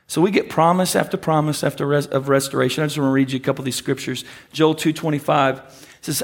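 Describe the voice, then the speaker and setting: A man preaching a sermon as pastor, conversational with slow, emphatic phrases. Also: fairly high pitch, fairly even intonation.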